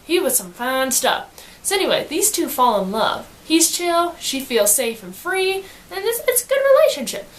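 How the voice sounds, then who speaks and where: A woman giving a casual book summary in slangy, animated storytelling, acting out quotes as she goes. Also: high-pitched, normal speed, slight background noise. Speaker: student reviewer.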